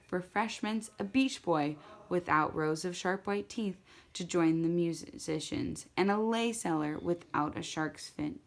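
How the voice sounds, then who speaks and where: Woman telling a children's story, lowish voice. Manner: animated, repetitive read-aloud telling with slips. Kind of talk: storytelling to an audience.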